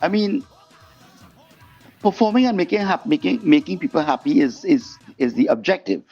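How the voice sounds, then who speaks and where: A man being interviewed as a guest singer, telling stories in a lively way and acting out the voices of the people in them. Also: on the high side, moderate pace, vocal fry, slightly rough. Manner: animated storyteller, acts out quoted voices. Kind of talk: storytelling interview chat. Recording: muffled podcast audio with faint music.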